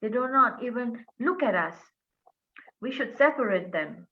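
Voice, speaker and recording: A woman's voice: a little high, lively intonation, unhurried. A woman voicing a living jungle that resents two humans and plots to separate them. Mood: resentful. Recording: tinny phone-like line.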